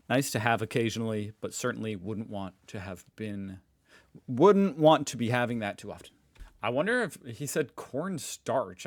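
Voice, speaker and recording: Playful mock-defensive man hosting reactions. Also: mid-range voice. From Southern United States. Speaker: reaction video host. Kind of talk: casual reaction commentary.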